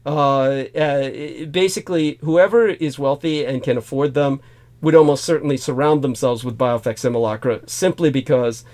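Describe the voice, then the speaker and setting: A man's voice: mid-range voice, fairly even intonation, normal speed, darkish tone. A man hosting a casual talk show, rambling through a film discussion with many fillers and restarts. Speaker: host.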